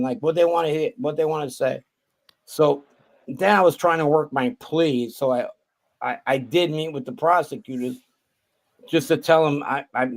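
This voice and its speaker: Profane New man telling stories. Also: fairly high pitch. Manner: profane, acts out other people's lines. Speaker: guest. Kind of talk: casual storytelling. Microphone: video call.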